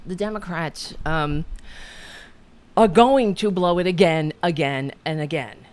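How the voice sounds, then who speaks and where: A woman hosting a political commentary show, ranting angrily with cursing and halting restarts. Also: on the low side, a little mellow. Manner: profane, heated, halting restarts. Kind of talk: angry political rant.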